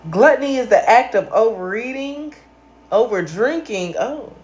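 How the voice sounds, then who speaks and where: A woman's voice: on the high side, expressive, measured pace, a little mellow. A woman hosting a late-night livestream, ranting at viewers in a brash, profane and confrontational way while a little tipsy. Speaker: livestream host.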